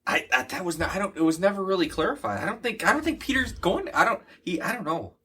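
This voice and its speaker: A man's voice: high-pitched, expressive, fast, bright, forceful tone, slightly rough. A man co-hosting a podcast in casual chat, rambling and swearing, laughing often. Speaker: podcast co-host.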